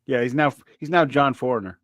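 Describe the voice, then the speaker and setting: A man's voice: mid-range voice, a little fast, a bit bright, no echo, studio quality. A man hosting a casual album-review chat, talking in a brash, joking and foul-mouthed way. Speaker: podcast host.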